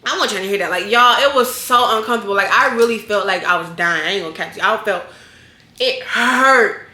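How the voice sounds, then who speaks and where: A woman vlogger telling a storytime in a casual, slangy way, animated and acting out scenes. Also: medium pitch, brisk. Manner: animated, slangy, acts out scenes with loud yells. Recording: echoey room.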